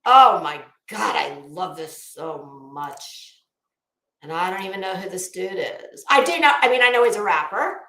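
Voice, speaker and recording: A woman's voice: medium pitch, animated, fairly quick, few pauses, a bit bright, reverberant. A middle-aged woman giving chatty, opinionated fashion commentary in a sassy, casual way.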